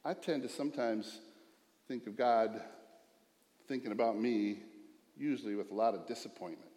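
A middle-aged man preaching a sermon as pastor, earnest, dropping to a hush and rising to emphatic. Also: medium pitch, normal speed. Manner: earnest, swings from hushed to emphatic. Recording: echoey hall with long reverb.

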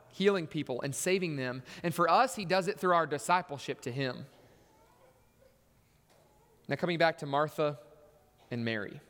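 A man's voice: fairly high pitch, fairly bright tone, long reverb tail. A man preaching a sermon in a church, telling stories and acting out voices with punchy emphasis.

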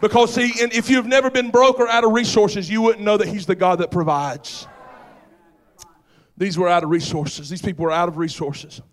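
A male preacher with a strikingly high voice delivers a fervent sermon. He builds to shouts and keeps calling out to the congregation to stay with him. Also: steady tone, moderate pace.

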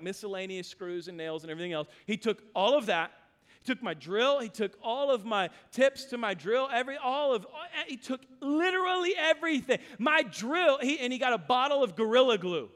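A man preaching a sermon, telling a family story with animated delivery and acting out voices. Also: sits high, long reverb tail. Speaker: pastor.

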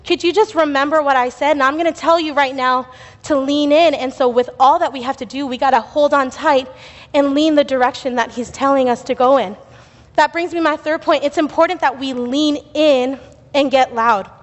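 Young woman preaching, high voice, chatty with lots of fillers, big echoey church hall. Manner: chatty storytelling with laughs and fillers. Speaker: youth speaker at church. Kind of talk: sermon with personal story. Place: church sanctuary.

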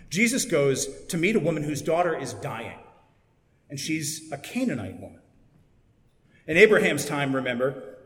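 A man's voice: a little high, fairly bright tone. Man preaching in an echoey church. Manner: conversational, explanatory preaching with paraphrased quotes. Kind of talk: sermon. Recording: echoey church with long reverb.

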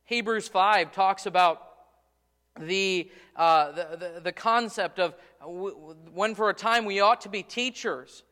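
A man's voice: high-pitched, measured pace, sharp tone, long reverb tail. A man preaching a sermon in a church sanctuary, stressing his points and often repeating words as he goes. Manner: preaching with rising emphasis and frequent repeated words. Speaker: pastor.

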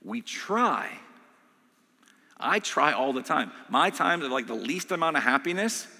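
A man preaches a sermon in a bright, clear voice. He talks to the congregation in a loose, conversational way and keeps checking in with "right?" The sound rings on in a large hall. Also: fairly high pitch, very animated, unhurried. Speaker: pastor.

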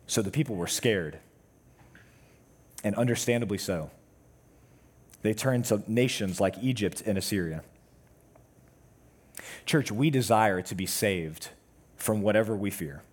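A man preaching a sermon to his church, with measured, emphatic pauses. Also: fairly low pitch, husky. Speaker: pastor.

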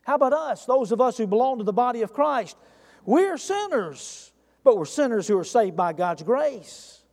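A man's voice: extremely high pitch, expressive, a little fast, darkish tone, long reverb tail. A man preaching a sermon as pastor of a church, talking earnestly and putting direct questions to the congregation.

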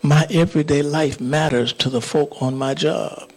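A man preaching and praying to a church congregation in a fervent manner, at times dropping into hushed whispers and speaking in tongues. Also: a little high, fairly even intonation, normal speed, rough recording. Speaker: pastor. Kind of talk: sermon with closing prayer. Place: church sanctuary.

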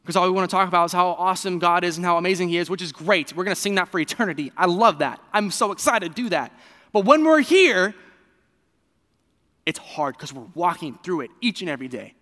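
A man preaching a sermon in a conversational, animated way, with fillers and restarts. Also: high voice, fast, hardly any pauses, long reverb tail. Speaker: pastor.

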